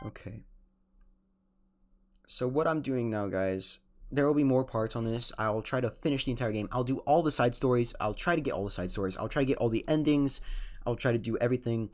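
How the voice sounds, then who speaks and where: Excitable young man gaming streamer. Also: mid-range voice, fairly quick. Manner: excitable and emotional, swears often, trails off and restarts. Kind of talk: casual let's-play commentary.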